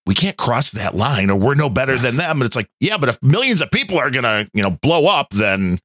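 A man's voice: medium pitch, sing-song, fairly quick, a bit bright, no echo. Man chatting casually, dry sound. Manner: rambling, conversational, many fillers. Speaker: podcast host. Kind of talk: casual chat.

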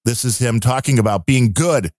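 A man's voice: mid-range voice, normal speed, a little mellow, dry recording. Upbeat podcast host man, dry sound. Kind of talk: casual chat.

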